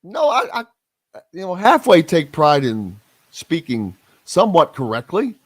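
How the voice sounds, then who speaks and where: A man, hosting a casual sports radio talk show with drawn-out, emphatic, opinionated delivery. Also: a little high, wildly swooping pitch, no room sound. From Southern Indiana.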